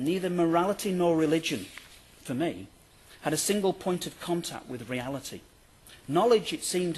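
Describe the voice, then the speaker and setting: A male university lecturer reading out a prepared academic paper in a formal, measured way, with the odd dry aside. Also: fairly high pitch, slight background noise.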